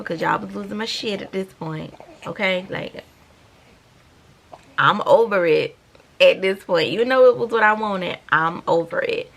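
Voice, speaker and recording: A woman's voice: mid-range voice, normal speed, vocal fry, fairly bright tone. A woman, chatting animatedly to viewers in a storytime vlog. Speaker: vlogger.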